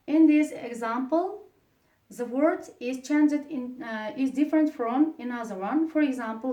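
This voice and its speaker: A woman with an Uzbek accent teaches English grammar to pupils, speaking slowly and haltingly with many fillers. Her voice sits fairly high. It sounds echoey and comes from some distance across a classroom. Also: a little mellow. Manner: slow, halting delivery with many fillers, stresses example words.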